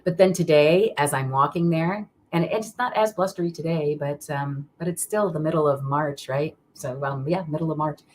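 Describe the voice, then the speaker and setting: Woman host, very deep voice, rambling live-stream chat with viewers. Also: normal speed, hardly any pauses, a little mellow, a little hiss or hum. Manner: rambling, chatty, many fillers and restarts; greets viewers by name mid-sentence. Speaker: card reader hosting a live stream.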